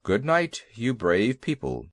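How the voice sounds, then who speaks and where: A man doing slow, earnest draft bullocks. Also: medium pitch, huge pitch swings, no room sound. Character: slow plain-spoken draft bullocks, dull but sturdy. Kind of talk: audiobook character voice.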